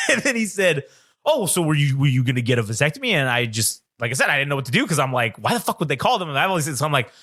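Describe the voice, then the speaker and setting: A man's voice: a little high, sing-song, quick pace, bright, forceful tone. A young man on a podcast, telling a story in a casual, profane, self-mocking way. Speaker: podcast co-host.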